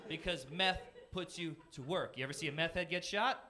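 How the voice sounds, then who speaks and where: A man in his twenties from Florida doing a self-deprecating stand-up set on a comedy club stage, punchy, with quick jumps into silly voices. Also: on the high side, pushed and bright. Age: 20s. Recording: noisy live comedy club with crowd laughter. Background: audience laughter.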